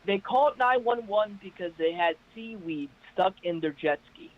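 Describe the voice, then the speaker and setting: A man calling in to a casual chat show, telling stories in an energetic, hyped-up way. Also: high-pitched, moderate pace, highs cut off. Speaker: caller guest. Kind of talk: casual chat on a video call. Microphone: internet call.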